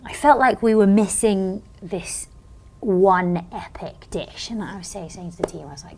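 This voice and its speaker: A woman from Britain, a magazine editor, telling lively stories in a casual interview and acting out quoted lines. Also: medium pitch, moderate pace, slight background noise. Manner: bubbly storyteller, acts out quotes.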